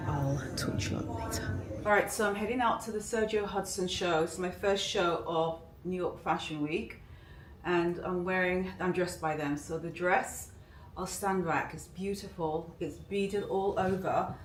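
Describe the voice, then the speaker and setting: A woman's voice: lowish voice, measured pace. A young British woman chatting to camera in a gushing, chatty fashion vlog, full of fillers. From Britain. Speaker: fashion vlogger. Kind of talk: casual vlog chat to camera. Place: indoors and in a car. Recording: echoey, from a distance, faint noise.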